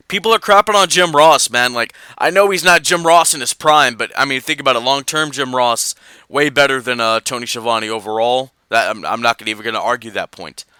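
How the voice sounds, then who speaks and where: A man co-hosting a casual wrestling podcast, reading fan mail and rambling through his opinions in an animated way. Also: mid-range voice, clear, resonant tone, dry recording. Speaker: podcast co-host.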